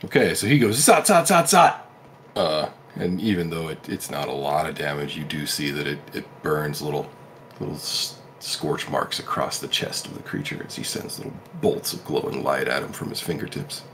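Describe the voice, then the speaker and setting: A man's voice: a bass voice, moderate pace, a bit bright, slight background noise. A man acting as dungeon master, explaining rules patiently with lots of fillers and narrating the action.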